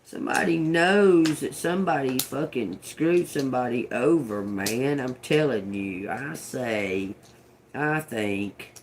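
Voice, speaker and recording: A man's voice: medium pitch, unhurried, hardly any pauses, slight background noise. A man doing a casual live oracle reading, profane and muttering word by word, breaking off to scold someone nearby. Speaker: livestream oracle reader.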